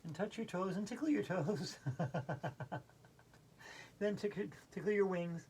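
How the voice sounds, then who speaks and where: A woman's voice: mid-range voice, a little fast, warm tone, a little hiss or hum. A woman teaching a playful yoga routine, giggling often between her cues. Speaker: yoga instructor. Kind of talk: playful guided yoga class.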